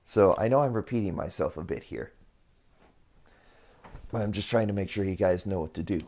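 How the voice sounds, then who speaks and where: A man's voice: low-pitched, normal speed, darkish tone. A man hosting his gaming channel, talking through a build tutorial in a rambling, repetitive way, often correcting himself. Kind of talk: casual build tutorial commentary.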